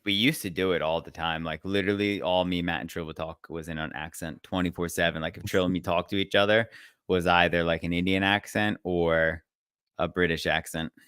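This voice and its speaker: A man's voice: low-pitched, fairly even intonation, brisk, a bit bright, smooth, dry recording, studio quality. A young man co-hosting a podcast, chatting casually, telling stories and swearing freely. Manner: loose, swearing, storytelling banter. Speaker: podcast co-host.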